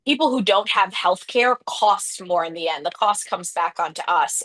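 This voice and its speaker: A woman political commentator on a panel, animated and lively, acting out the voices of people she quotes. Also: mid-range voice. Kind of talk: panel discussion.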